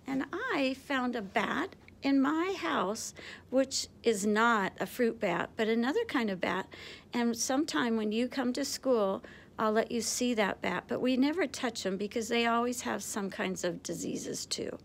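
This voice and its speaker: A woman teacher reading a picture book aloud to children, expressive and animated. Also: on the high side, moderate pace.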